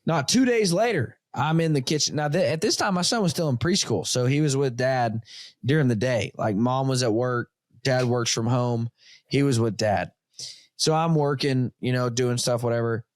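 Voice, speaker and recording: Man, 30s, podcast host, casual chat, animated storyteller, acts out dialogue, mid pitch, dry close mic. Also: normal speed, dry recording. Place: home studio.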